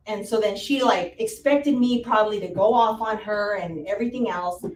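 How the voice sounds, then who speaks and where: A woman real estate agent shares a story with a room full of listeners. She talks in a lively way, acts out the quotes, and laughs easily. She is heard from a distance, with echo and a faint hiss of room noise around her. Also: on the high side, moderate pace, few pauses. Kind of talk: panel talk, telling a story.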